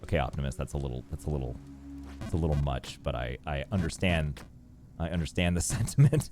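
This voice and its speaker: A man with an extremely low voice streams a game and chats casually, talking fairly quickly over background music. He's an animated storyteller who rants through his tales and reads and answers chat.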